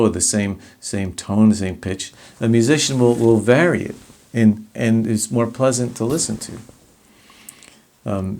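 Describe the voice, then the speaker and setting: A middle-aged man giving a recorded lesson on public speaking, talking in a lowish voice. He explains each point patiently and acts out sample lines to show how delivery changes them. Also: a little mellow. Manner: explanatory, with demonstrations of varied delivery. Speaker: teacher.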